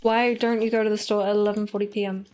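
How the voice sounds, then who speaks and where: A woman's voice: medium pitch, flat delivery, fast, a little mellow. A woman casting a strategy game live on stream, playful and teasing, with frequent giggles.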